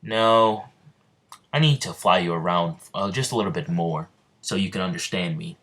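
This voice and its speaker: A brash young swordsman who boasts and taunts without pause, as a man puts him on. The voice stays fairly low, only a touch above the narrator's own deep tone. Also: a bit bright. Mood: taunting.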